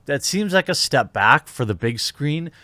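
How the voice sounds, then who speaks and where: A man's voice: a little high, expressive, unhurried, pushed and bright, no room sound. A man hosting a commentary show, reading out reports and reacting with sarcastic disbelief. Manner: sarcastic, incredulous, reads out reports then riffs. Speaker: commentary channel host. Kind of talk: opinionated commentary monologue.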